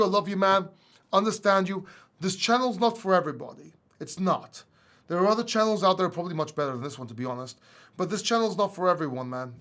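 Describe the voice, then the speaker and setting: A man's voice: high-pitched, fairly bright tone. A man hosting a casual livestream Q&A, with a slight Greek accent, reading viewer questions aloud and chatting back informally. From England. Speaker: livestream host.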